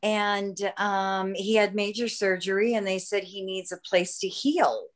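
A woman's voice: mid-range voice, steady tone, a little slow. A woman chatting in a bubbly, talkative way on a video call and laughing often. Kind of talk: casual video-call chat.

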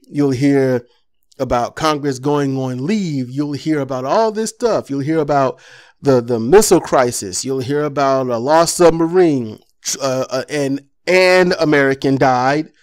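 A man's voice: mid-range voice, measured pace, smooth. A man delivering an impassioned political commentary monologue, ranting with rhetorical questions.

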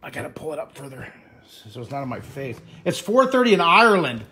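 A man with a bright, forceful voice that sits a little high for a man. He chats in an excitable, rambling way as he greets viewers on a live stream. The sound comes from a handheld phone in a house. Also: a little fast, a little hiss or hum. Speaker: drawing teacher. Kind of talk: live-streamed casual chat. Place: living room of a friend's house. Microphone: handheld camera phone.

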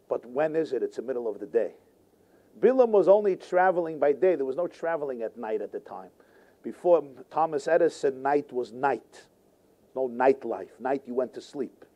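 A man, a rabbi, teaching a Torah class in an animated way, full of rhetorical questions and repetition. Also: mid-range voice.

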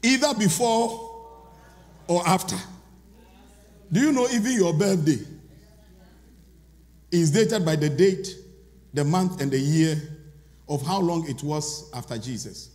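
High lively preacher guy, shouts then goes quiet, big echoey church. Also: takes it slowly, long pauses. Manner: animated preaching, swinging from loud shouts to hushed asides. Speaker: pastor. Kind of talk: sermon. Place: large church sanctuary. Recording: long church reverb.

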